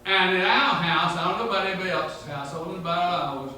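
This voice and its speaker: A man's voice: sits high, steady tone, fast, bright, forceful tone, slight background noise. A man from north Georgia with a Southern accent, telling humorous family history stories to a local history group. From north Georgia, USA. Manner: humorous, rambling family storytelling. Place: meeting room. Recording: very echoey room, mic far off.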